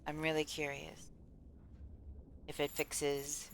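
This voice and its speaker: Chatty low-voiced woman streamer. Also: monotone, takes it slowly, creaky, slight background noise. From United States. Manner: chatty, rambling, answers chat aloud. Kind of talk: casual live-stream chat while gaming.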